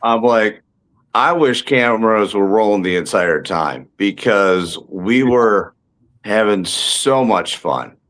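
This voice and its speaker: A man's voice: lowish voice, lively intonation, slow pace, a bit bright. A man, a guest actor and stand-up comedian, telling jokey stories in a casual interview, full of fillers and restarts from somewhere indoors. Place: indoors, tucked in somewhere warm.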